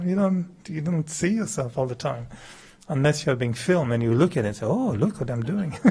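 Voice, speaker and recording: A middle-aged man, not a native English speaker, gives a chatty, humorous spiritual talk as a meditation teacher. He laughs often at himself and acts out quoted dialogue with big jumps in pitch. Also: darkish tone, breathy edge.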